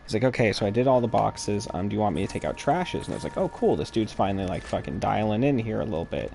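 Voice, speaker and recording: Gravelly low-voiced man telling stories. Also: lively intonation, fast, a little mellow, a little hiss or hum. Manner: rambling, profane, exasperated storytelling. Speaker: live streamer chatting while gaming. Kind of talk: casual storytelling chat.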